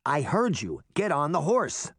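A man's voice: on the high side, huge pitch swings, measured pace, fairly bright tone, husky, dry recording, studio quality, voice pushed up, exaggerated voice. A man voicing a tough, mouthy preteen girl who is brash and sarcastic in an audiobook. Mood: tense.

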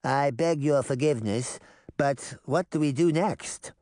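A man's voice: medium pitch, a little slow, a little mellow, no echo, clean studio sound, lightly acted. A man voicing a polite, formal male white rabbit in a storybook reading, speaking in courteous, old-fashioned phrasing. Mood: polite worry.

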